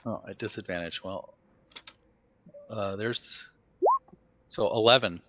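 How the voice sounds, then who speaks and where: A man's voice: on the low side, takes it slowly, pushed and bright, a little hiss or hum. A man playing a tabletop game, hesitant and playful in his answers. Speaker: player.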